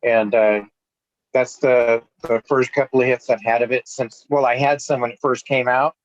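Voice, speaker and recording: A man in a middle register chats in a laid-back way, trailing into drawn-out fillers. His voice comes through dull and dry, like audio from an online call. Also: mid-range voice, flat delivery, no room sound. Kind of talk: casual chat.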